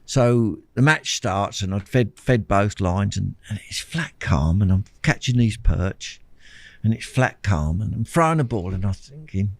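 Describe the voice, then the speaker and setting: Older male guest, animated anecdotal delivery, dry recording. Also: on the low side, measured pace, dry recording. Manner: animated anecdotal storyteller, repeats words, laughs often. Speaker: guest, champion angler. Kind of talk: storytelling interview chat.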